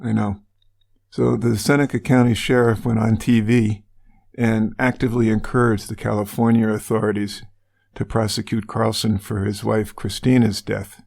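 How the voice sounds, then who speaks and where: A man's voice: fairly low pitch, little pitch movement, moderate pace, creaky, darkish tone. A man co-hosting a true-crime podcast, retelling a case casually with wry asides. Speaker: podcast co-host.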